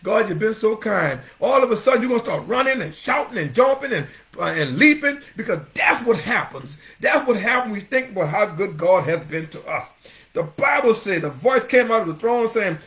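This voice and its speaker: Fervent high-voiced preaching man. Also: expressive, fairly quick, a bit bright. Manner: fervent preaching, calls out congregation members by name. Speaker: pastor. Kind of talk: sermon.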